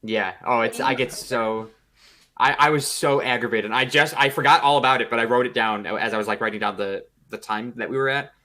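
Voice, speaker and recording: Profane, animated male podcast storyteller. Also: mid-range voice, fairly quick. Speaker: podcast co-host. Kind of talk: casual podcast chat.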